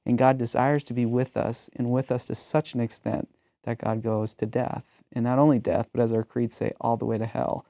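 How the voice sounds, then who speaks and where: A man's voice: medium pitch, level tone, moderate pace, vocal fry, warm tone, no echo, clean studio sound. A man in his thirties, a pastor, talking reflectively in a conversational discussion and telling stories with frequent ums.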